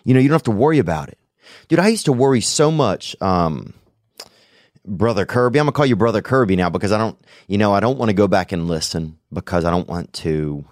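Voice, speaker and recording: A man's voice: on the low side, lively intonation, fairly quick, darkish tone, dry recording, clean studio sound. A man hosting a podcast, chatting casually and joking with a caller, rambling and swearing freely. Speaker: podcast host taking calls. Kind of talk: casual chat.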